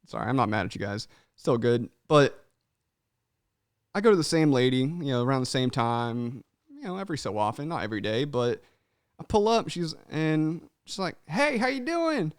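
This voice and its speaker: A man's voice: mid-range voice, lively intonation, normal speed, clean tone, no room sound, clean studio sound. A young man hosting a podcast, chatting casually and animatedly, swearing freely and calling everyone "man.". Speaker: podcast host. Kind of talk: casual chat.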